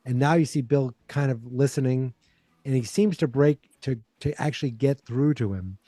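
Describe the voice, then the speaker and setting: A man's voice: medium pitch, moderate pace, warm tone, dry recording, clean studio sound. A man hosting a podcast, animatedly recapping a TV episode in casual chat and acting out the characters' lines. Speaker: podcast host.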